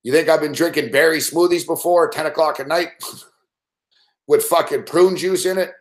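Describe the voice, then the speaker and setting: A man's voice: a little high, steady tone, moderate pace. A man hosting a late-night sports betting show, ranting casually and swearing constantly as he rambles. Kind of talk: late-night live stream rant.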